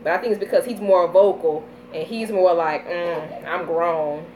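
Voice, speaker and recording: A woman in her thirties with a Southern US accent, chatting casually on a live vlog, telling stories with lively baby talk. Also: lowish voice, a little fast, a little hiss or hum. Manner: animated storytelling with playful baby talk. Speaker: vlogger.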